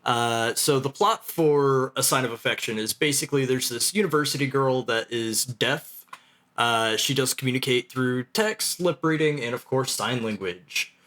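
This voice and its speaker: A man's voice: mid-range voice, normal speed. A man hosting a casual podcast, talking loosely with many uhs as he introduces the topic. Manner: relaxed, filler-heavy delivery with many uhs. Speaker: podcast host. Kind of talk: casual chat, introducing the show.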